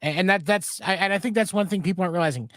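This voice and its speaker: A man co-hosting a sports podcast, talking through points in a measured, casual way. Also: sits high, fairly bright tone, dry recording, clean studio sound. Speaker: podcast co-host.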